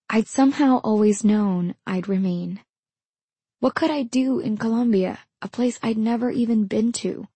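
A woman narrating her own memoir in the first person, in a measured, intimate storytelling manner. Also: on the high side, mellow, husky, dry recording.

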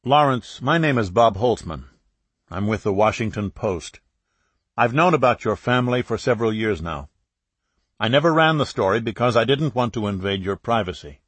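A man reading an audiobook, voicing a newspaper reporter who speaks in a steady, reassuring way. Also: on the low side, normal speed, husky, no room sound.

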